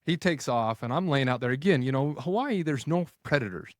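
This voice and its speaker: Dry, animated man telling a hunting story. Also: mid-range voice, brisk, no room sound. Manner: animated, retells scenes with quoted dialogue and filler "like". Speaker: podcast guest. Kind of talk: casual storytelling.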